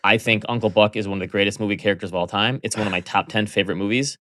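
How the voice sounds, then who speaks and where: A man's voice: on the low side, fairly even intonation, racing, pushed and bright, no echo, clean studio sound. A man co-hosting a podcast, easygoing and enthusiastic in casual chat. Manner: easygoing, enthusiastic about favorites. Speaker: podcast co-host.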